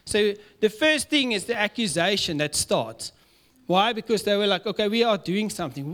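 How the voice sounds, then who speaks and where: A man with a South African accent preaching a lively sermon in church, laughing often and acting out the voices of people in the story. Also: sits high, normal speed. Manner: lively, laughing, mixes in Afrikaans words, acts out dialogue. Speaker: pastor.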